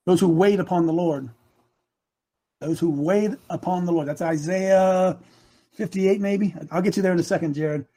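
A man in his sixties preaching a sermon, emotional and repeating phrases for emphasis, building to shouts. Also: high voice, normal speed. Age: 60s.

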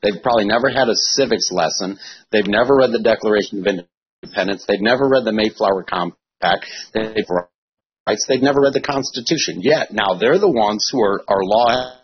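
A man's voice: on the low side, brisk, slightly rough. A male pastor talking on a studio show, earnestly recounting what he preached. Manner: earnest, recounts his own sermon. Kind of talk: casual studio talk. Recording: dull lo-fi sound.

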